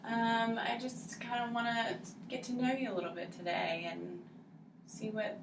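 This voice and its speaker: A woman counselor opening a counseling session, calm, welcoming and measured. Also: on the high side. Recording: roomy, far mic, clear background noise.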